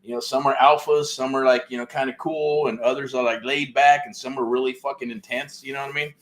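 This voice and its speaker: A man's voice: mid-range voice, level tone, fast talker. A middle-aged man, hosting a real estate show and telling a story in loose, profane casual talk, full of "right?" and "man.".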